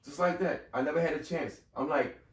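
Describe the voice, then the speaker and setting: Speaking briskly in a voice on the high side, a fifties-aged podcast guest animatedly recounts a personal story, imitating the voices of those involved. It's a casual conversation, recorded in an echoey room with a distant mic.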